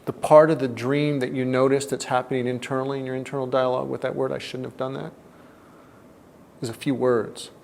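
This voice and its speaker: A man giving a reflective self-help talk, deliberate and often dropping to a soft, low tone. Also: level tone, slight background noise.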